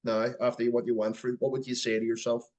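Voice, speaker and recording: Quick-talking man in his thirties hosting. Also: medium pitch, level tone, a little mellow, dull audio. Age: 30s. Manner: chatty, encouraging, swears casually. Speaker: podcast host. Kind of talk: casual conversation.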